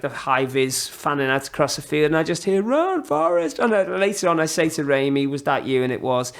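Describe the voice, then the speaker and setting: A middle-aged man, a podcast guest, telling rambling, animated anecdotes in casual chat, full of fillers. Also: fairly high pitch.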